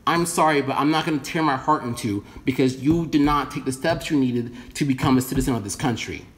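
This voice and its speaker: A man from the United States talks straight to his viewers in a loose, rambling rant. He is blunt and profane, and his voice sits at an ordinary middle pitch. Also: brisk, slight background noise. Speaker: vlogger. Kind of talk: casual opinion rant to camera.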